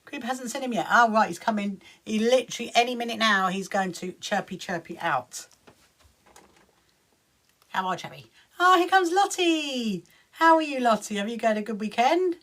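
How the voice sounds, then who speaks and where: A woman chats on a relaxed live stream while sewing at home, upbeat and laughing a lot as she welcomes viewers by name. She speaks in an animated, mid-range voice with a fairly bright tone and a moderate pace.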